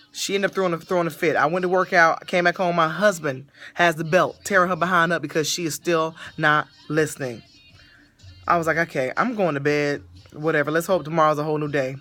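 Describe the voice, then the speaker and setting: Bright-voiced woman hosting a podcast. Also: mid-range voice. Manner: animated storytelling, laughing often. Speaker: podcast host. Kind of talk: casual podcast monologue.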